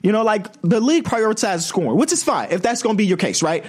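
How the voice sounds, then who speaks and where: A man's voice: sits high, fast, slightly rough. A man co-hosting a podcast, chatting casually about basketball and arguing his points at length. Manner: animated, argues his point in long runs. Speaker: podcast co-host.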